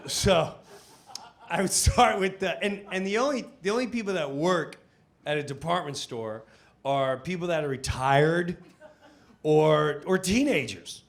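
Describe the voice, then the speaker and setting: A middle-aged man doing animated stand-up storytelling. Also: on the high side, a little slow, creaky. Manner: animated, breaks into character voices. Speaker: stand-up comedian.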